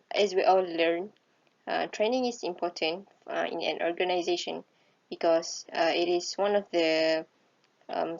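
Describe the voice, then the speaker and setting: A young woman giving a class presentation, hesitant and halting with many fillers. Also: fairly low pitch, darkish tone. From Malaysia. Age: young adult. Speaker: student presenter. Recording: dull lo-fi recording.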